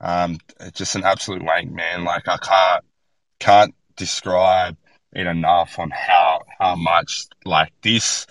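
Bright-toned blunt Australian guy. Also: sits low, slow, no room sound, low-quality recording. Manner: blunt, profane, animated storytelling. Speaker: podcast guest, bodyboarder. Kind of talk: casual podcast chat.

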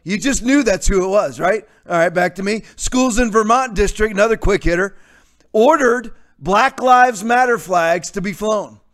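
Male host with a high-pitched voice, combative and sarcastic, prone to loud outbursts. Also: moderate pace. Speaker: talk show host. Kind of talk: opinionated commentary monologue.

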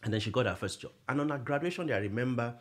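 A middle-aged man, a guest in a podcast interview, telling stories in an animated way and laughing often. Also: mid-range voice, very fast. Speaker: guest, nonprofit executive director.

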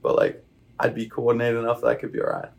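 Gravelly young Australian man, lively pitch. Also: fast. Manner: relaxed, rambling with many fillers. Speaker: guest, baseball player. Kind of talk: casual interview chat. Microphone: podcast microphone.

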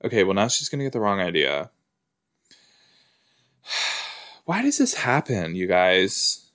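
A man gives casual watch-along reactions, exclaiming and firing questions at what he sees. His voice sits fairly low and he talks at a slow, unhurried pace. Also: big pitch swings, fairly bright tone. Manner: chatty, exclaiming and asking questions at the screen. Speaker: reaction video host.

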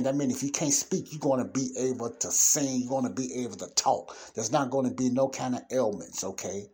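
A man teaches the Bible in a loose, conversational sermon. His voice is husky and mid-pitched. He reads verses aloud, then explains them with emphatic bursts. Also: moderate pace, mellow. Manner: emphatic bursts and sudden exclamations. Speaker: preacher.

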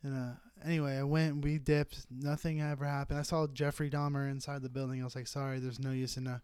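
A young Bay Area comedian co-hosting a podcast rambles through a long, profane story in casual conversation. His medium-pitched voice is flat, fast, smooth and a little mellow, recorded close on a podcast mic with no echo.

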